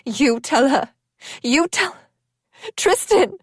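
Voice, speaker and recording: A woman narrator voicing a frantic young heroine with fiery power, shouting desperately in an audiobook. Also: sits high, expressive, slow pace, dry recording, clean studio sound, voice pushed up. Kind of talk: audiobook character voice.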